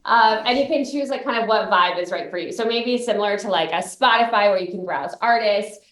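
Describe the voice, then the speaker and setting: A woman founder talks fluently and brightly about her product as a guest on a radio show. Her voice comes through a roomy, echoey line. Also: medium pitch, brisk. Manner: fluent, upbeat explaining. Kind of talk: radio interview.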